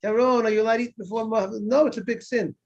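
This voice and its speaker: A man's voice: high voice, steady tone, fast talker. A man, a rabbi, teaching an informal Talmud class, often repeating words and asking his students questions that he then answers himself. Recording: dull lo-fi recording.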